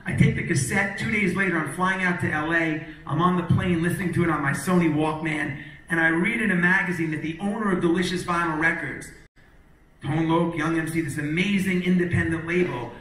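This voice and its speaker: A middle-aged man telling an energetic, punchy story to a live audience as a motivational speaker, acting out the quotes. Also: fairly high pitch, fairly quick. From New York, Long Island. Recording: echoey hall, distant mic.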